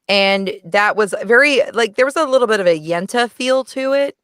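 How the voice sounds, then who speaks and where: A woman's voice: on the low side, a bit bright, no echo, studio quality. A woman guest on a podcast, chatting frankly and animatedly about a movie and laughing often. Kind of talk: casual movie review chat.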